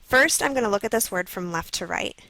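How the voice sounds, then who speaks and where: Gravelly woman narrating a reading lesson. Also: mid-range voice, expressive, sharp tone, no room sound, poor audio. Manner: slow, clearly sounding out letters. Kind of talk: scripted instructional narration.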